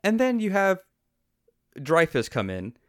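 A man's voice: high-pitched, wildly swooping pitch, unhurried, a little hiss or hum. A man hosting a podcast, giving an opinionated, sarcastic movie review in casual chat and laughing often. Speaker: podcast host.

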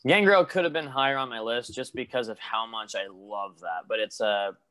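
A man's voice: medium pitch, normal speed, pushed and bright. A man co-hosting a podcast, chatting casually in a laid-back way, trailing off and agreeing often. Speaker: podcast co-host. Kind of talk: casual chat.

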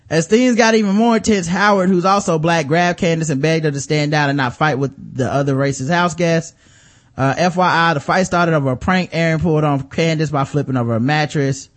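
A man co-hosting a podcast in casual, profane, sarcastic chat, telling stories with animation. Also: on the high side. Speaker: podcast co-host.

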